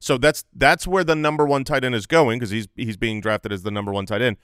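A man co-hosting a fantasy football podcast, talking in a relaxed, conversational way with filler phrases. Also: mid-range voice, brisk, clean tone, no room sound, clean studio sound. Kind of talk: casual sports analysis chat.

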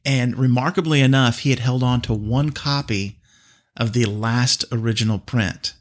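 A man co-hosting a podcast, telling a story in a relaxed way with many filler words. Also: mid-range voice, normal speed. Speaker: podcast co-host. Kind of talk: casual chat.

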